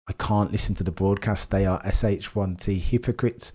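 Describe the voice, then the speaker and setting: A man calling a live race stream as a fan, jumping from calm updates to loud pleading shouts. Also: on the low side, normal speed, few pauses. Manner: swings from calm reading of gaps to loud shouting; fan-like, pleading with drivers, chatty with viewers.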